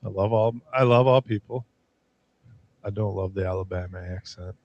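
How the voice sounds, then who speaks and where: A man co-hosting a podcast, bantering loudly, joking and laughing often. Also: on the low side, moderate pace, highs cut off. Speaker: podcast co-host.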